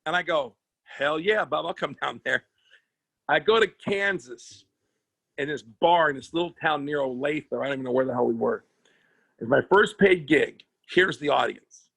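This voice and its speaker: A man, a comedian guest on a podcast, telling a profane story in a lively, casual way and acting out other people's voices. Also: a little high, normal speed, creaky, no room sound. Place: podcast studio.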